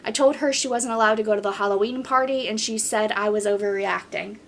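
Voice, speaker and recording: A woman's voice: medium pitch, fairly quick, fairly bright tone, slight background noise. A woman hosting a podcast in casual chat, reading posts aloud and reacting bluntly.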